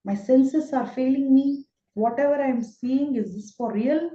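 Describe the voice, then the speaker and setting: Lady doing a scared shaking young warrior guy, high strained voice, lost and begging for answers, roomy dull sound. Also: measured pace, dark tone. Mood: terrified. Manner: pleading, bewildered questions. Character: terrified young male warrior, confused and trembling.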